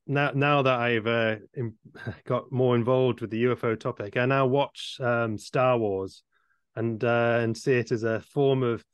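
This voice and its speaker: A man chats on a podcast, thinking aloud in a reflective, halting way and chuckling softly between phrases. His voice sits at a middle pitch for a man. The recording is dry, with no room echo. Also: steady tone, clear, resonant tone. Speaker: podcast co-host. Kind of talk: casual podcast chat.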